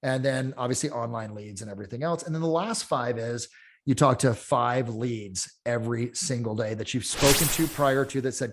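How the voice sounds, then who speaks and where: A middle-aged man chats as a real estate coach in a casual podcast. His voice sits in an ordinary middle pitch. He talks with blunt energy, swearing and acting out other people's lines as he tells stories. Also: normal speed. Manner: energetic storyteller, swearing, acts out quotes.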